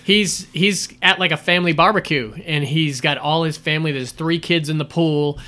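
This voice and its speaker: A man's voice: on the high side, normal speed. A man chatting casually about films on a podcast, retelling scenes with lots of fillers and the odd swear. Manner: animated storytelling, swearing, many fillers. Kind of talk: casual movie chat.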